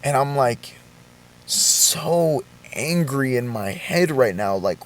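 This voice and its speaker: A young man vlogging a confessional story, shaken and halting, with swearing and frequent restarts. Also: mid-range voice, lively intonation.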